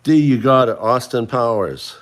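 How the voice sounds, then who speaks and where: A man's voice: medium pitch, animated, normal speed. A middle-aged man hosting a casual livestream, chatting and running a trivia quiz for viewers he addresses by name. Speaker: livestream host.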